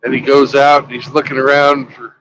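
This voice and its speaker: A man's voice: mid-range voice, little pitch movement, brisk, fairly bright tone, poor audio. A man chatting casually while travelling by road, rambling through a crude joke in a mid-range voice. A faint hiss sits underneath him. His delivery is loose and unpolished. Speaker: vlogger. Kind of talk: casual chat and joke telling on a road trip.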